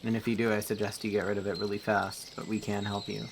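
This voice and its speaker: Gravelly, blunt man playing. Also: fairly low pitch, little pitch movement, fast, background noise. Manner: blunt, stern, curt. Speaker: player. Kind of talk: in-character tabletop play. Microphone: streaming mic.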